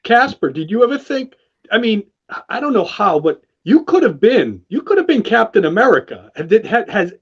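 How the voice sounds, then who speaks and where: Host, mid-range voice, halting rambling questions, dull lo-fi audio. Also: medium pitch, sing-song, breathy edge. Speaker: podcast host. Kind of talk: interview questions.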